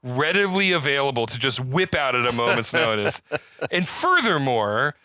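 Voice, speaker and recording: A man's voice: normal speed, no room sound, studio quality. A man casually recapping a film scene by scene, acting out the characters' lines. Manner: animated retelling, acting out quotes with rising pitch. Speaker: podcast co-host. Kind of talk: casual movie recap chat.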